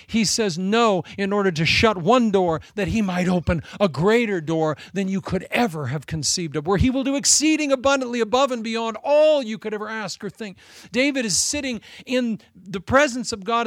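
A man preaching a sermon with passion, drawing out his phrases and dropping from loud emphasis to hushed whispers. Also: sits high, no room sound. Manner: drawn-out, deliberate phrasing.

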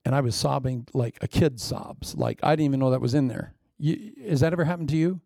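Gravelly, dark-voiced man preaching a sermon. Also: medium pitch, a little fast, no echo. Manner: animated storytelling with vocal sound effects and sudden asides.

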